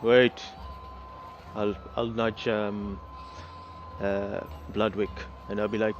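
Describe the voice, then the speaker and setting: A man playing a tabletop game, speaking in a hesitant and quiet way as his character. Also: on the low side, flat delivery, slow pace, long pauses. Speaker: player. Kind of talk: tabletop role-play in character. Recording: dull lo-fi audio with music behind.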